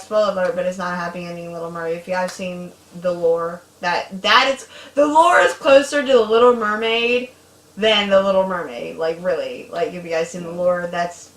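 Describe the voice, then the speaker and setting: A woman in her thirties hosting a casual chat, talking in a chatty, animated way with sudden loud bursts. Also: fairly low pitch. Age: 30s. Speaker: host. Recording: echoey room.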